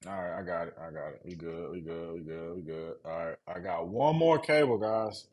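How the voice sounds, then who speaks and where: A man's voice: deep voice, moderate pace, a little mellow. A young man from Mississippi with a Southern accent, chatting casually with live-stream viewers in slangy talk while building a PC and reading chat aloud.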